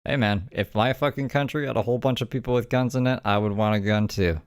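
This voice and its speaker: A man's voice: medium pitch, fast talker, clean tone, dry recording. A man hosting a livestream, ranting bluntly with heavy profanity. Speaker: livestream host. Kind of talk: casual ranting commentary.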